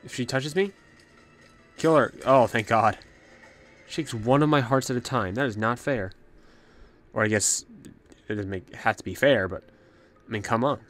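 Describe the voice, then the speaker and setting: A man's voice: mid-range voice, moderate pace, long pauses, fairly bright tone, faint music behind. A young man hosting a let's play, chatting about his plans and talking to the enemies on screen, a little out of breath. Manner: chatty, talks to the game's enemies. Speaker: gaming channel host.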